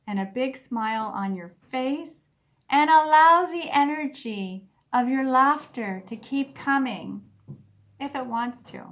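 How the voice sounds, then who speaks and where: Woman preaching nice and slow, kinda high voice, earnest, breaks into whoops and laughs. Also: fairly bright tone. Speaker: guest speaker at a spiritual centre service. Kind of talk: sermon with guided laughter meditation. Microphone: online service recording.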